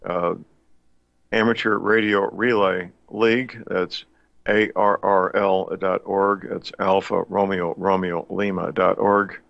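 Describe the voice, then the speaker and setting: A man hosting a radio talk show in a folksy, deliberate way, with frequent pauses and fillers. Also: sits low, level tone, vocal fry, fairly bright tone, dry recording. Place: home studio in the Missouri Ozarks. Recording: dull lo-fi dry studio sound.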